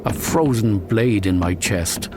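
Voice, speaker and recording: Slow, deep-voiced man reading a tense story. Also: noisy background. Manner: slow, measured and suspenseful, rising to sharp cries at tense moments. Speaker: audiobook narrator. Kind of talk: dramatic first-person story reading.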